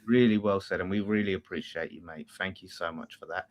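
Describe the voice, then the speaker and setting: A man's voice: deep voice, brisk. A man hosting a casual post-match fan chat, reading out viewer messages and laughing often. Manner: chatty, laughs often, reads messages aloud. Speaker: fan channel host reading super chats.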